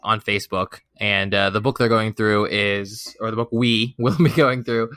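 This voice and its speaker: A man co-hosting a casual podcast with a low voice and a bright, forceful edge. The sound is dry and close, and he speaks hesitantly, often restarting his sentences. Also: fairly even intonation, normal speed, no room sound. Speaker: podcast co-host.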